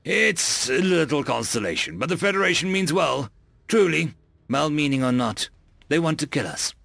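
A measured human officer who speaks gravely and with care, voiced by an audiobook reader. The voice is a little raised and gravelly. The recording is close and dry. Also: male voice, on the high side, very animated, a bit bright, no room sound, full character voice.

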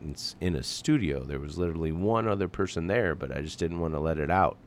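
Very deep-voiced, gravelly podcast host. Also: male voice, quick pace, slight background noise. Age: adult parent. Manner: rambling, casual, swears lightly. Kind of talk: casual chat.

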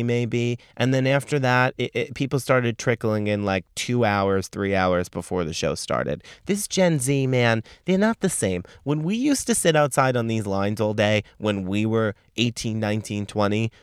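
Smooth-voiced man ranting sassily. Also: medium pitch, dry recording, clean studio sound. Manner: profane, sassy, animated ranting. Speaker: podcast host. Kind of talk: casual storytelling monologue.

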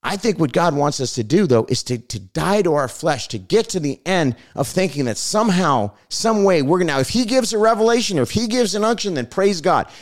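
A man's voice: high-pitched, animated, fairly quick, few pauses. A man hosting a Christian broadcast, preaching his commentary with passion and a repetitive cadence. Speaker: host of a Christian commentary show.

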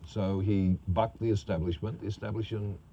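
Mellow low-voiced man swearing through anecdotes. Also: normal speed, muffled recording, a little hiss or hum. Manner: profane, laughing, animated storyteller. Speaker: actor telling anecdotes. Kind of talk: casual storytelling interview.

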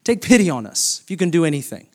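Middle-aged man, pastor, higher-pitched voice, preaching a sermon that swells from quiet reflection into passion. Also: very animated, quick pace. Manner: builds from quiet reflective reading to loud, high, impassioned preaching.

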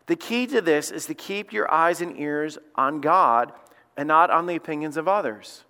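A man's voice: fairly high pitch, lively intonation, normal speed, pushed and bright. A man preaching a sermon as lead pastor, talking conversationally and acting out quotes. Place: church sanctuary. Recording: long church hall reverb.

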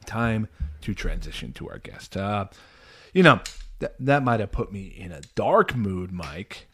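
A man from New Jersey hosting a casual podcast over a remote call, ranting in an animated way with lots of fillers and restarts. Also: on the low side, measured pace, slightly rough. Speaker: podcast host.

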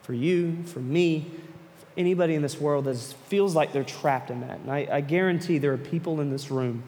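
A man preaching a youth sermon to a room of listeners, telling a personal story with animated delivery that turns earnest and hushed. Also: a little high, moderate pace. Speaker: youth pastor. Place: large room with an audience. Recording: long reverb of a large hall.

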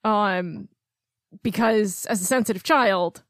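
A woman's voice: medium pitch, slow, a bit bright, no room sound, clean studio sound. A woman co-hosting a casual film podcast, talking in a chatty way with frequent ums and light laughs. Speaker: podcast co-host.

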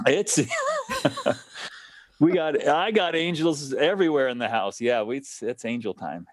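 Male guest in casual chat, animated and laughing, lively delivery in a dry, close recording. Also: medium pitch, a little slow, no echo. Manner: animated, laughs often, restarts sentences.

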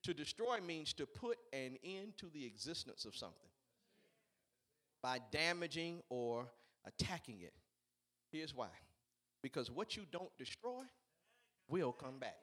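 A man preaching a sermon, swinging between shouted, fiery peaks and quiet, conversational asides. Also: a little high, very animated, measured pace. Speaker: pastor.

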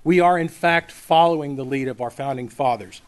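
A man's voice: on the high side, normal speed. A man reading prepared testimony at a podium in a formal, earnest way. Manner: formal, earnest, speech-like delivery. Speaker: public witness at a legislative hearing.

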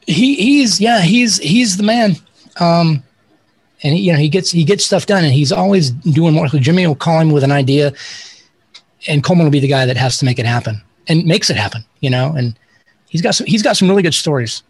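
A man's voice: fairly high pitch, a little fast, slightly rough, dry recording. A man talking as an interview guest, telling rambling, self-deprecating stories with many restarts. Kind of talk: casual interview storytelling.

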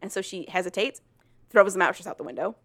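A woman's voice: mid-range voice, fast talker, no room sound. A woman in casual chat, animatedly retelling a story and swearing freely.

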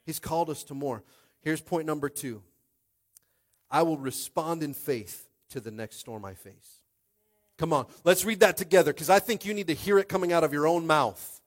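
A young man preaching a sermon as pastor, conversational and animated, calling out to the congregation. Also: fairly high pitch, normal speed.

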